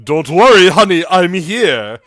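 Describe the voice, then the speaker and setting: A man voicing a dashing, smug rich suitor in a tabletop game, with booming, showy lines. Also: very animated, a little slow, a bit bright, dry recording. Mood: boisterous.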